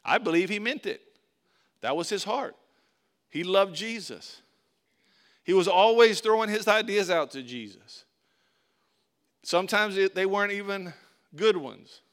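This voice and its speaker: A pastor preaches a sermon conversationally, asking his listeners questions and repeating key phrases for emphasis. His voice is high, expressive and a bit bright, at a measured pace with frequent pauses.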